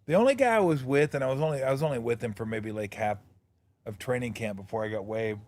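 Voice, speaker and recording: A man's voice: mid-range voice, quick pace, darkish tone. A man hosting a sports talk show, chatting loosely and swearing freely as he jokes with his guest. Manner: loose, profane, joking. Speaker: radio show host, former player.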